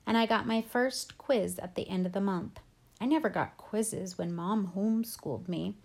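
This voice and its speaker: A woman reading a novel aloud in first person, at a calm, steady pace with brief offhand asides. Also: medium pitch, vocal fry. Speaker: audiobook reader.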